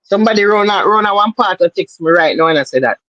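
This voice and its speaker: A woman's voice: mid-range voice, expressive, fast, a bit bright, dry recording, lo-fi sound. Woman, Jamaican accent, emphatic lecturing chatter, close dry sound. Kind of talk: casual livestream chat.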